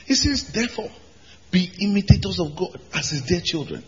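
A pastor delivers an emphatic sermon, his voice leaping between high shouted declarations and quieter low asides. His tone is bright and ringing. The sound carries a long reverb, as in a large church hall. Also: big pitch swings, normal speed, dull audio.

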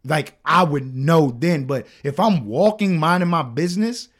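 A man's voice: on the high side, measured pace. A young man co-hosting a podcast, chatting casually and telling profane stories with acted-out quotes. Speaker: podcast co-host. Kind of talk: casual chat.

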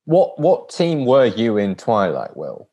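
A man's voice: on the low side, wildly swooping pitch, slow pace, dark tone. A man co-hosting a casual podcast about films, joking and acting out lines in character. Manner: joking, acts out quotes in character. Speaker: podcast co-host. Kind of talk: casual film discussion.

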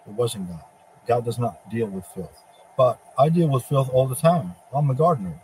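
A man with a middle-pitched voice delivers a ranting religious monologue, taunting and profane. He mocks his target, and a faint noise sits behind him. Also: lively intonation, moderate pace, mellow, low-quality recording. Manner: speaks in the first person as a divine figure addressing Satan. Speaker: religious preacher.

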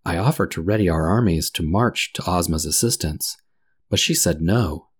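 A man's voice: low-pitched, normal speed, breathy edge. A man voicing a gloomy tin man. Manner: grave, somber delivery. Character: gloomy male tin man, solemn and sad.

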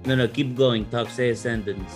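A man hosting a casual podcast chat, animated and quick to laugh as he prods his co-hosts. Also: medium pitch, music in the background. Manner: animated, laughs often, eager prodding. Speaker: podcast host.

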